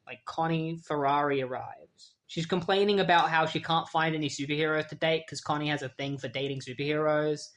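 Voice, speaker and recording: A comic book reviewer recapping a story in an easygoing, chatty way. Their delivery is full of fillers and wry asides, and their voice sits in a plain middle pitch. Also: steady tone, a little fast, few pauses, fairly bright tone.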